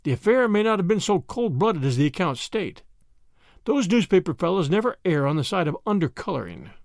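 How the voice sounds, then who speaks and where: A man voicing a calm, courteous stranger on a train in a read-aloud story. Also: high voice, vocal fry, no room sound, studio quality, heavily acted. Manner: quiet, measured, polite.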